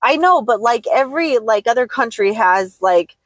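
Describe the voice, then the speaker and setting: A woman's voice: a little high, animated, moderate pace, no room sound. A woman from the United States co-hosting a podcast in casual chat, blunt and emphatic and swearing freely. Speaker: podcast co-host.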